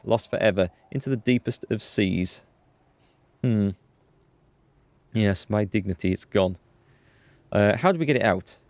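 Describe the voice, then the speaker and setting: Brief: male gaming host, lower voice, dry close mic, self-mocking chatter. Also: a little mellow, no echo. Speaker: let's play host. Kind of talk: gameplay commentary.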